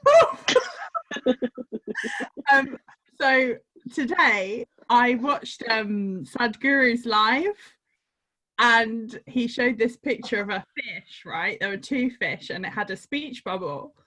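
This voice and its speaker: A giggly woman sharing a story in a relaxed group chat. Her voice is high and bright, and she speaks slowly, laughing through her words.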